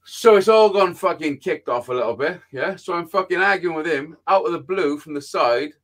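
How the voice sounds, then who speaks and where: A man's voice: a little high, normal speed. Sweary man telling a story. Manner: sweary, animated anecdote-telling. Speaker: podcast host. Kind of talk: casual storytelling chat.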